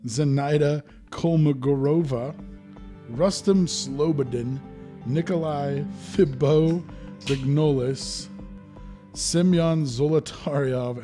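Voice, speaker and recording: Joking young podcast host, rambling. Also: male voice, on the high side. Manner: joking, rambling, laughs often. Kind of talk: casual podcast chat.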